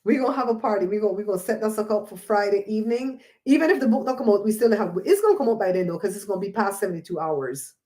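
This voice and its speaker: Animated woman hosting a casual chat. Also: medium pitch, very fast, few pauses. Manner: animated, preachy, laughs often. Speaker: host.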